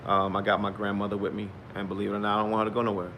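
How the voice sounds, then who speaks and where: A middle-aged man vlogging in a casual, rambling way, swinging from loud preachy bursts to quiet, mumbled reflection. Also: on the low side, completely flat delivery, rapid-fire, slight background noise.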